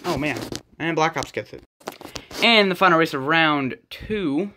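A slightly high-voiced man rattles off quick, excitable play-by-play for toy truck races with sudden exclamations. He is at home on a rug floor, and the recording carries loud background noise with clicking sounds. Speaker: race commentator and organizer.

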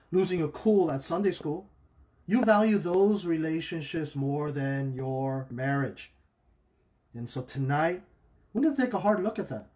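A male pastor speaking in a fairly high voice, relaxed and conversational. He keeps checking in with his listeners with a quick "okay?" and slips into animated voices when he quotes people's excuses. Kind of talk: livestreamed marriage teaching.

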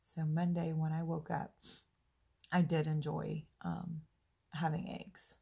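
A woman's voice: sits low, little pitch movement, takes it slowly, vocal fry, warm tone, breathy edge. A woman talking to the camera in a casual, chatty diary vlog, upbeat and self-deprecating. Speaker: vlogger.

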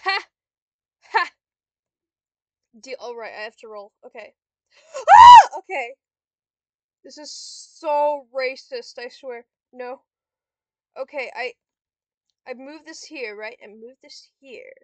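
Young woman, high-pitched, slow-talking, casual game commentary, frequent swearing, dry room. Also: dry recording. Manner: swearing, frustrated outbursts at a computer opponent. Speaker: gamer vlogger.

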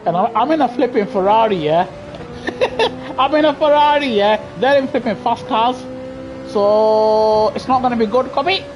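A man with a British accent giving chatty, excitable live commentary on a racing game over a headset mic, laughing often and grumbling in mock outrage. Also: very high voice, normal speed, muffled recording, a little hiss or hum. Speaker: gaming streamer. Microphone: gaming headset.

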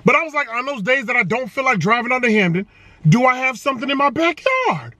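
An energetic man talking casually in a vlog, playful and full of slang. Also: very high-pitched, fast, dry recording. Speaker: vlogger. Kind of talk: casual hype vlog talk.

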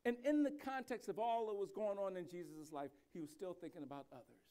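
A male pastor with a smooth voice that sits high preaches a sermon. He moves from quiet, reflective speech to loud, slow, emphatic delivery, frequently restarting and repeating words.

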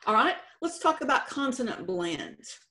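A woman, a contest director, giving a slide lesson on spelling and spelling out letters deliberately. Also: on the high side, very animated, pushed and bright. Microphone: presentation recording.

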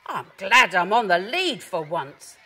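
A woman voicing a naive, excitable young male dog who is amazed by everything. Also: medium pitch, slow, breathy edge, heavily acted.

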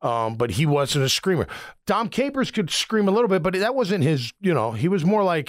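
A man's voice: a little high, brisk, dry recording, clean studio sound. A middle-aged man, a former linebacker, hosting a sports radio show and telling locker-room stories with frequent laughter. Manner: storytelling, laughs often, animated. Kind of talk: casual sports talk.

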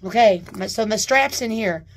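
A woman chatting casually as she unboxes a new purse, gushing with excited exclamations. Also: medium pitch, normal speed. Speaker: unboxing vlogger. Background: paper crinkling.

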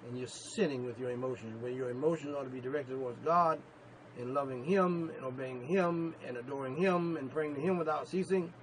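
A male pastor preaching a sermon, emphatic, repeating himself and rising to sudden loud peaks. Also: medium pitch, brisk, a little hiss or hum, poor audio.

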